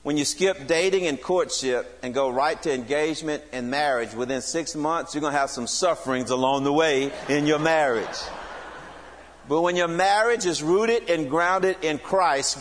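A man's voice: on the high side, in a large hall, a little hiss or hum. A middle-aged man giving a humorous testimony at church, acting out the voices in his story. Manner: animated, acts out quoted voices.

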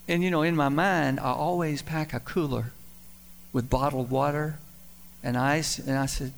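A middle-aged man preaching a sermon, telling folksy, self-deprecating stories with emphatic swings in loudness. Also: on the high side, steady tone, normal speed, gravelly. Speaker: pastor. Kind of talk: sermon with storytelling.

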